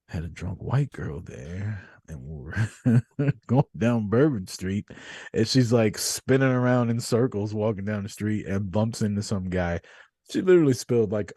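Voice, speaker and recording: A man hosting a podcast, telling stories in a casual, profane, animated way. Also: lowish voice, husky, no room sound, studio quality. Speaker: podcast host. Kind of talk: casual chat.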